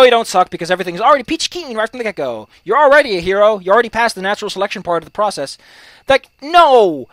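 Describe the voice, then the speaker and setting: Animated, profane let's play ranter. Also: mid-range voice, no room sound. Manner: profane, heated, animated ranting. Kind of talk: gaming commentary, ranting.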